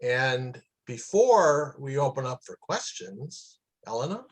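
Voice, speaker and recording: A man's voice: medium pitch, big pitch swings, slow pace, low-quality recording. Chatty man giving an anecdotal class. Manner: chatty, anecdotal, with many fillers. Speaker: kosher-food teacher. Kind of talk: casual storytelling lecture.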